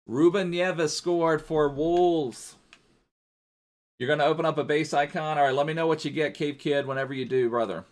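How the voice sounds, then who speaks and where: A man's voice: on the high side, steady tone, rapid-fire, hardly any pauses. A man streaming a football video game live, chatting casually, thinking aloud and talking to his viewers. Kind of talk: live gaming stream commentary.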